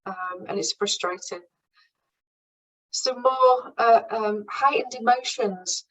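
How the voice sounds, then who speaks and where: A woman's voice: a little high, slow pace, a bit bright. A woman in her forties giving a frank, chatty talk from her own experience, with many ums and restarts. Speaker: speaker at a branch meeting. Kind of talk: informal talk from personal experience. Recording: voice somewhat far from the mic.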